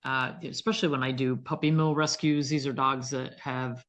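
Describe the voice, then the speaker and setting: A woman veterinarian, a guest in an interview, telling stories in an animated, vivid way. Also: a bass voice, moderate pace. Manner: animated, vivid storyteller who acts out quotes. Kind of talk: conversational interview storytelling.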